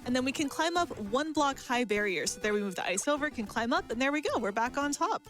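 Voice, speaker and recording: A woman's voice: sits high, lively intonation, quick pace, a bit bright, soft background music. A woman giving cheerful, casual commentary on a speedrun and explaining the game. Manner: cheerful, explaining, laughs easily.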